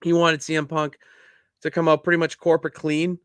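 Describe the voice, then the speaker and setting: Animated man on a podcast, dry close mic. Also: a little high, brisk, clear, resonant tone, no room sound. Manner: animated storytelling, bursts into loud laughs. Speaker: podcast co-host. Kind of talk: casual chat.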